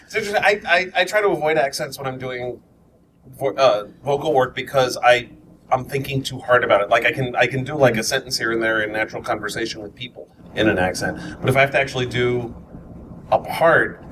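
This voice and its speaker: A man from New York with a New York accent, a voice actor chatting casually and restarting often. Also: mid-range voice. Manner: fast, stammering restarts. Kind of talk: casual chat. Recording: distant mic, noisy room.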